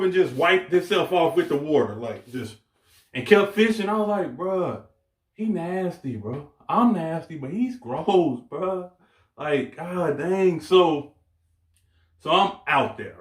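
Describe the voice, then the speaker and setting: A young man telling a casual story on his channel, slangy and animated, laughing as he goes. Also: high voice, echoey room. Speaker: vlogger.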